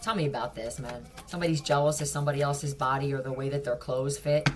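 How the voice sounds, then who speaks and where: A woman's voice: rumbling low, steady tone, fast, crowd noise. A woman giving a casual tarot reading, blunt, profane and mocking. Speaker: tarot reader.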